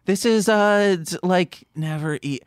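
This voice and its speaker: A man's voice: sits high, measured pace, clear, resonant tone, no room sound, studio quality. A young man co-hosting a podcast in casual chat, telling rambling, self-correcting anecdotes. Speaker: podcast co-host.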